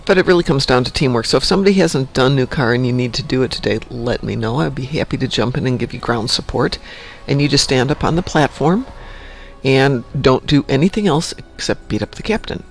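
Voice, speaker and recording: A man's voice: medium pitch, a little fast, creaky. A man hosting a casual morning live stream from home, rambling and joking about his day. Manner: rambling, chatty, self-joking.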